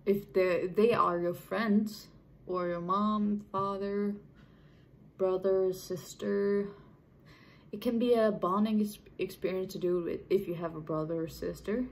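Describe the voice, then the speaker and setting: A woman's voice: medium pitch, fairly even intonation, a little slow, poor audio. A young adult woman vlogger talking casually to camera, rambling and chatty with frequent restarts. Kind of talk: casual unscripted talk to camera.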